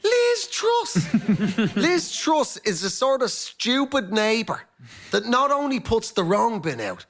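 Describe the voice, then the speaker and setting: A man's voice: very high voice, huge pitch swings, takes it slowly, fairly bright tone. A male comedian on a panel show, ranting animatedly and laughing through his jokes. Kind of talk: comic rant on a panel show.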